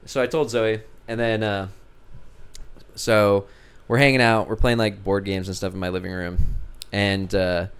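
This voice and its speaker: A young man hosting a podcast, telling an animated story in casual chat, swearing freely and often breaking into laughter. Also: fairly low pitch, measured pace, smooth. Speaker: podcast host.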